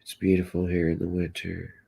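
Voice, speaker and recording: A man's voice: low-pitched, brisk, gravelly, husky. A man from Kentucky with a Southern drawl, chatting casually on a livestream and answering viewer comments, his voice a bit congested and coughy. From Kentucky, USA. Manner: relaxed drawl, reads and answers chat aloud. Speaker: livestream host.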